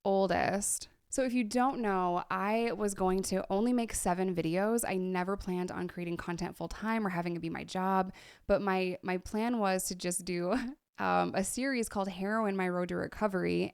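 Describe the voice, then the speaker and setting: A woman's voice: mid-range voice, fairly even intonation, normal speed, clean tone, no room sound, clean studio sound. A woman in long-term recovery, chatting casually as she reacts to her own old videos, laughing often and sometimes dropping to a whisper. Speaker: YouTuber in recovery.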